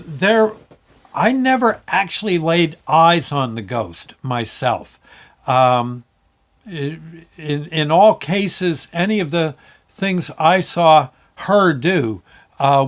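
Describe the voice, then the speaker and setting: An older man telling a personal memory in a casual, halting way, with many restarts and an amused tone. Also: a little high. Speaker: storyteller recalling a memory. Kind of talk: casual spoken recollection.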